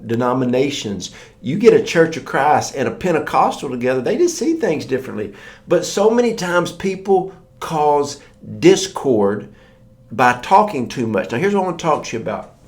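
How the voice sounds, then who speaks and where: Man preaching, middle-pitched, chatty storyteller who voices the people he quotes. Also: big pitch swings, normal speed, a little mellow. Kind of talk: sermon.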